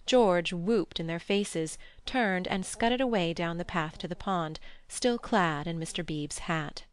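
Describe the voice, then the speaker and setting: Low-voiced woman narrating an audiobook. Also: clear, resonant tone. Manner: measured, even reading. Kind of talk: scripted narration.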